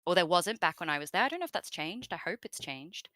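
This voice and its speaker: Chatty Australian woman, bright clear voice. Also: lowish voice, very animated, fast talker, no echo. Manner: chatty, laughs often, many fillers and restarts. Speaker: interview guest, voice actor. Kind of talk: casual interview chat.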